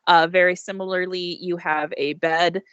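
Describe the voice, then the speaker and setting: A woman's voice: on the low side, level tone, normal speed, a bit bright, smooth, no room sound, dull audio. A young woman narrating as game master in a chatty, giggly way with many fillers.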